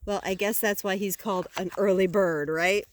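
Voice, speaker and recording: An older woman reading picture books aloud to a child outdoors, gentle and expressive, with gasps and questions for the listener. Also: medium pitch, normal speed. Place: outdoors by woods.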